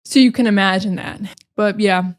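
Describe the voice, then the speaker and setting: A young American woman hosting a casual solo podcast, sarcastic and expressive, slipping into dramatic mock rants. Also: medium pitch, moderate pace. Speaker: podcast host.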